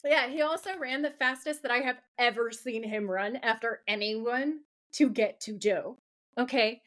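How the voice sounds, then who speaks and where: A woman co-hosting a podcast, gushing and excitable as she recaps a TV episode, swearing and laughing often. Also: a little high, normal speed. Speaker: podcast co-host. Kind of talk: casual episode recap chat.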